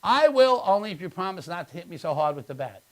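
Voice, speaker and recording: A man's voice: on the high side, racing, lightly acted. A man telling a joke and voicing an eager bar patron who calls out from the back, in a playful way with his own voice.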